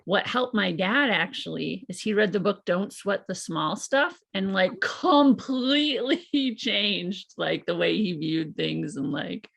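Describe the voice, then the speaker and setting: Husky, gravelly woman chatting. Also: medium pitch, takes it slowly, few pauses, a bit bright. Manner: laughs often, tells family stories. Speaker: guest comedian. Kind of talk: casual podcast chat.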